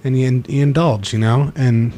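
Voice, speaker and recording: Jokey mid-pitched radio co-host man. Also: fairly even intonation, moderate pace, dark tone. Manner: playful, jokey, mock-tough banter. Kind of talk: casual comedic chat.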